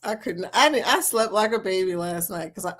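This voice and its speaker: A woman's voice: mid-range voice, lively intonation, a little fast, a bit bright. A woman hosting a casual livestream chat, reading viewer comments aloud and laughing often. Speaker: livestream host.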